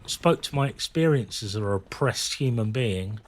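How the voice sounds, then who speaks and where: A man's voice: fairly low pitch, animated, moderate pace, a little hiss or hum. A man, chatting casually and candidly while streaming a game, rambling and swearing freely. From England. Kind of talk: casual chat while gaming.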